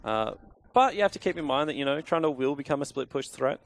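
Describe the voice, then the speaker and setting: Relaxed male esports analyst. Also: mid-range voice, fast talker, gravelly. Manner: relaxed analytical, casual fillers. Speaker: esports color commentator. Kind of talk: analytical color commentary.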